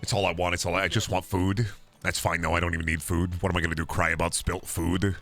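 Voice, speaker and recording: A man streaming a video game, chatting casually and profanely with his viewers in an animated way. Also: deep voice, fast talker, creaky, faint music behind. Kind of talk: casual gaming stream commentary.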